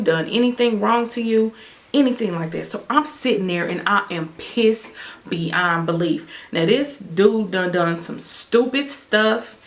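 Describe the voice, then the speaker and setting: Animated young woman telling a storytime vlog. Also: on the low side. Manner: animated, emphatic, repeats phrases. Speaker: vlogger.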